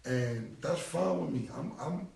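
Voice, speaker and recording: A man's voice: on the high side, expressive, measured pace, gravelly, echoey room, recorded from a distance, crowd noise. A man in his forties with a New York accent, ranting bluntly in street slang and cursing on a casual live stream. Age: 40s. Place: indoor room, live stream. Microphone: phone mic.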